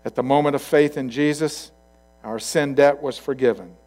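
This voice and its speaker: A male pastor giving a sermon in a conversational storytelling way, swinging from loud to quiet asides. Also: medium pitch, fairly even intonation, normal speed.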